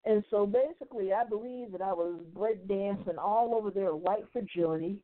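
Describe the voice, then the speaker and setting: A woman from the South Side of Chicago hosting a podcast, retelling events in a blunt, profane, animated way. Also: mid-range voice, normal speed. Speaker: podcast host. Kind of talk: casual storytelling commentary. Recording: tinny phone-like audio.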